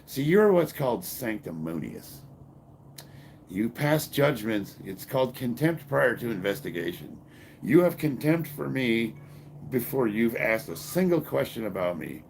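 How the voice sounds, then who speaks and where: A powerlifter in his fifties from Illinois, USA, answers his live-stream chat bluntly, combatively, and profanely, breaking into bursts of laughter. His medium-pitched voice swings widely in pitch, with an unhurried pace, vocal fry, and a little hiss or hum.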